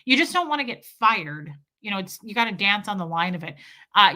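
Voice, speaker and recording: A woman's voice: mid-range voice, sing-song, fairly quick, pushed and bright. A middle-aged woman hosting a casual live stream, chatty and laughing as she reads viewer comments aloud. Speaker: livestream host reading chat.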